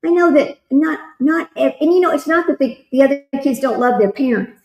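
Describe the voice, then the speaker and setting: A woman's voice: sits high, fairly quick, mellow, reverberant, low-quality recording. A woman hosting a casual livestream, rambling and talking straight to her viewers. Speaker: livestream host.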